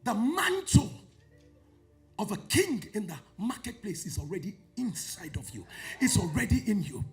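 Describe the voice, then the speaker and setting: A man with a Nigerian accent preaching a sermon, swinging from loud shouts to low murmurs in a sing-song cadence. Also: big pitch swings, normal speed, soft background music. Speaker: pastor.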